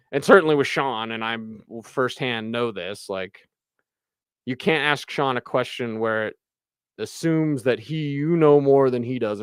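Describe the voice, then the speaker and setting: Male sports radio host, excitable and chatty, smooth clear voice, dry close mic. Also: medium pitch, no echo. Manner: excitable, chatty, fast bursts. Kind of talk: live postgame show reading viewer comments.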